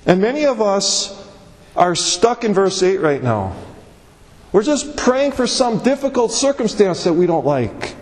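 A man preaching from the pulpit in a high, emphatic voice, slowing down to stress each scripture phrase. His words ring out with a long reverb from the large hall around him. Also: sing-song, darkish tone. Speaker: pastor. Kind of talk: sermon.

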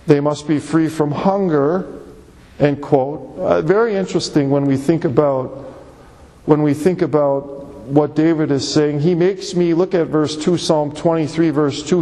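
A man's voice: fairly high pitch, dark tone. A male pastor preaching a conversational, emphatic sermon to his church, repeating words as he presses his points. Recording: long reverb of a large hall.

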